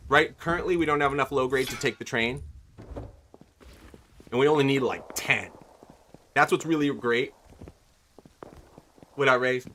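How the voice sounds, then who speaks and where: A man's voice: mid-range voice, moderate pace, long pauses, fairly bright tone, slight background noise. A man streaming a video game, rambling casually and asking his viewers what they think. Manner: rambling, chatty, asks viewers questions. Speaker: livestreamer. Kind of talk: casual gaming commentary.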